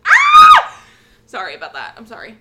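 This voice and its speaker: A woman's voice: a little high, animated, a little slow, pushed and bright. A young woman co-hosting a podcast, recapping episodes in casual chat and acting out characters' lines with lots of swearing and laughter. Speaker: podcast co-host.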